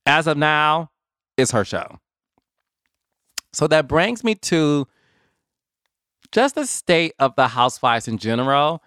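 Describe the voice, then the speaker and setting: Male podcast host, conversational and animated, clear resonant voice, mid pitch, dry close sound. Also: measured pace, no room sound. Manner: chatty, animated, addresses listeners as y'all. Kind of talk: casual solo commentary.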